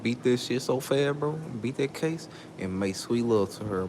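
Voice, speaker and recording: A man venting in an angry vlog rant, swearing and jumping up in pitch as he gets worked up. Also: expressive, measured pace, few pauses, a little mellow, slight background noise. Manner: angry ranting, swearing, voice leaping up when worked up. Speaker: vlogger. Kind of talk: heated venting monologue.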